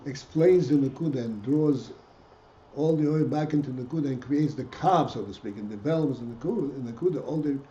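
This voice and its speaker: A rabbi teaching a Hasidic text class speaks in a mellow, mid-range male voice at a brisk pace. He often stops and restarts, posing rhetorical questions to his students, in a dull, echoey room with faint noise.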